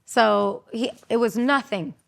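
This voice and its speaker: A woman in her thirties telling her own story as an interview guest, animated, acting out quotes in raised voices. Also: on the high side, takes it slowly, vocal fry.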